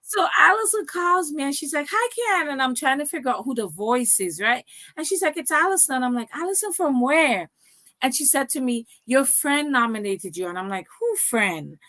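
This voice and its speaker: A woman's voice: high voice, lively intonation, brisk, hardly any pauses, sharp tone. A woman in her thirties from Canada, a guest telling her story in casual interview chat and acting out the dialogue she quotes.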